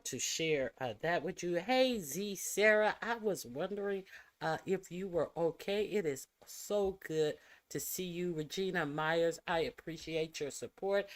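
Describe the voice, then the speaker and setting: A news channel host on a casual livestream, talking haltingly with frequent "uh" fillers and restarts. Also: medium pitch.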